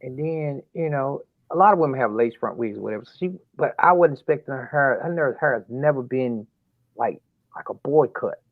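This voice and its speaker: Guy w a gravelly voice retelling a family story, dead dry muffled sound. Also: medium pitch, normal speed, dry recording. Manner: animated retelling that acts out dialogue, voice rising sharply in disbelief. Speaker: father telling his story. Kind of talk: emotional storytelling interview.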